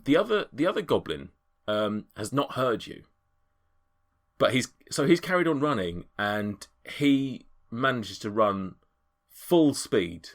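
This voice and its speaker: Deep-voiced game master. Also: male voice. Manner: rambling, hesitant with many ums. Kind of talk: narrating a tabletop game.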